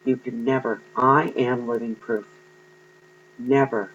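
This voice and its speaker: A man's voice: medium pitch, steady tone, takes it slowly, pauses often, fairly bright tone, highs cut off, a little hiss or hum. Earnest man giving a tarot reading. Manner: earnest, encouraging, with frequent ums. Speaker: tarot card reader. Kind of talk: spiritual tarot reading to viewers.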